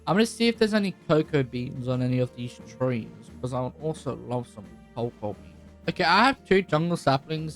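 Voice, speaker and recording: Excitable young man narrating gameplay. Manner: chatty, excitable, pitch leaps high when excited. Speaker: gaming YouTuber. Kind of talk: casual Minecraft commentary. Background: faint background music.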